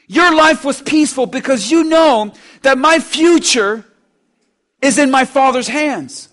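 A man's voice: extremely high pitch, fairly bright tone. A man preaching a sermon. He speaks straight to his listeners and builds emphasis through repeated phrases. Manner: addresses listeners directly.

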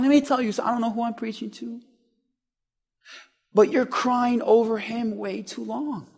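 A man with a very high voice delivers a sermon. He slips from soft, chatty asides into loud, pressing preaching and quotes scripture in voices. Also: fairly even intonation, moderate pace. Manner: builds from quiet asides to loud urgent preaching.

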